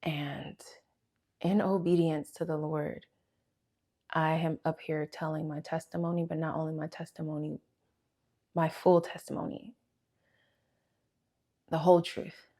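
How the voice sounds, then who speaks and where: Woman, young adult, low pitch, heartfelt testimony, sighs, pauses, near tears. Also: little pitch movement, dark tone. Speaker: vlogger sharing a testimony. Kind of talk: emotional personal testimony to camera.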